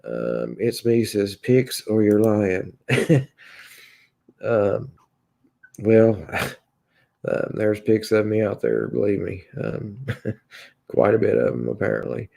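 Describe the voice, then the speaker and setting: A man with a Kentucky accent hosting a livestream, reading viewers' comments aloud in a halting, casual way full of filler sounds and restarts. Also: lowish voice, very animated, vocal fry, dark tone. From Kentucky, USA. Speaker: livestream host reading chat.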